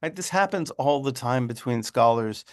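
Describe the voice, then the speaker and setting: A man giving an informal, animated class talk on a religious text, repeating words and often asking "right?". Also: mid-range voice, moderate pace.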